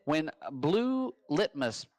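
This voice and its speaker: A man hosting a casual live-stream trivia game, rambling and upbeat with quick bursts of hype. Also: a little high, very animated, darkish tone. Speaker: trivia host. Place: home.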